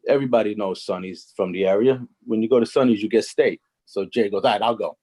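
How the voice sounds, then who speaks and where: A man's voice: lowish voice, fast talker, a little mellow, husky, low-quality recording. A man telling stories on a video call in a loose, rambling way, with many fillers and restarts. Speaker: former coaching colleague. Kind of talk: casual storytelling on a video call.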